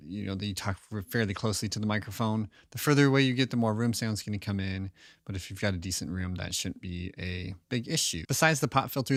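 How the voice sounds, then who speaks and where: A man with a lowish voice walks through a relaxed, offhand studio demonstration, full of fillers and restarts. He talks close into a microphone, and the sound is dry with almost no room echo. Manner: relaxed, thinking aloud with many fillers and restarts. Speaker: audio tutorial host. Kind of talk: casual demonstration tutorial. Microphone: close studio microphone with pop filter.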